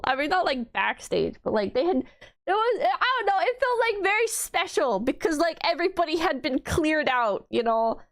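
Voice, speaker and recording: A woman streamer chatting casually on a livestream, gushing and bubbly, piling on fillers and restarts, and swooping up high when excited. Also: a little slow. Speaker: VTuber streamer.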